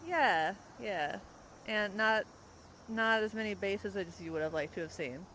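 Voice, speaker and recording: A young woman hosting a podcast in casual chat, rambling and quick to laugh. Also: mid-range voice, fairly bright tone, slight background noise, low-quality recording. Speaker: podcast host. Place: outdoors, in a parked car.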